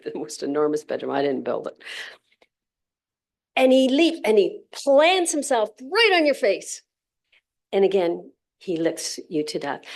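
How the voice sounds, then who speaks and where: Slow, laughing woman giving a short speech. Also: mid-range voice, vocal fry, slightly rough. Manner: warm, humorous, laughing often. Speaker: table topics speaker. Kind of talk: impromptu club speech.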